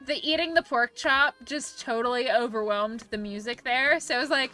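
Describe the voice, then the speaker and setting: A woman streamer chatting casually and quickly, reacting to her viewers' comments. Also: on the high side, bright, forceful tone, faint music behind. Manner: chatty, rapid, reacting to chat. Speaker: livestreamer. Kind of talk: casual livestream chat.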